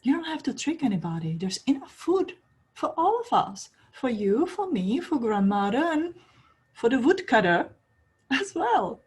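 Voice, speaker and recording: Sweet calm little girl in a red hood, soft breathy storybook voice, kind and soothing, a woman doing her. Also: medium pitch, moderate pace. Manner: gentle, soothing, sometimes whispered.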